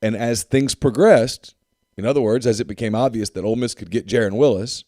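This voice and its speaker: A man's voice: mid-range voice, a little fast, warm tone, no echo, studio quality. A man co-hosting a sports podcast in casual chat, emphatic and repeating points for effect. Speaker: podcast co-host.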